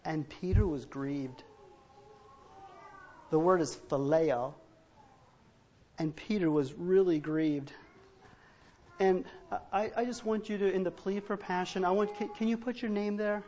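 A man's voice: sits high, a little slow, pauses often, mellow, lo-fi sound. A man preaching a sermon as pastor, earnest and emphatic, often restarting phrases as he drives a point home.

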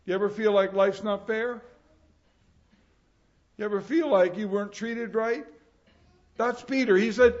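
A man preaching a sermon, earnest and emphatic, rising and falling in loudness for effect. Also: high-pitched, steady tone, normal speed, long pauses, muffled recording.

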